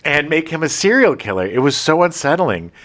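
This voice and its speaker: A man co-hosting a movie podcast in casual chat, animated and jokey, with some swearing. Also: fairly high pitch, a little fast. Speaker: podcast co-host.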